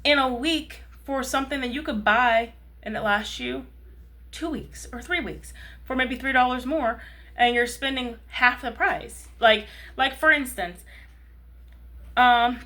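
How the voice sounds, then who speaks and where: A woman's voice: high-pitched, sharp tone. A woman of about thirty chatting casually to camera as a vlogger, rambling and often checking in with "you know what I mean". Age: 30s.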